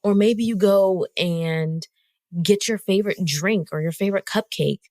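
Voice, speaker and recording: A woman hosting a solo podcast, telling a story in an animated, conversational way and talking straight to her listeners. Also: medium pitch, a little slow, no echo. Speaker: podcast host.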